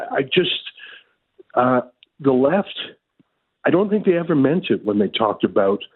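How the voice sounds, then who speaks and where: Stammery worked-up guy in his 50s, husky voice, sounds like a phone line. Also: medium pitch. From Canada. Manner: agitated, repeats words and restarts. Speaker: guest. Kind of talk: remote interview.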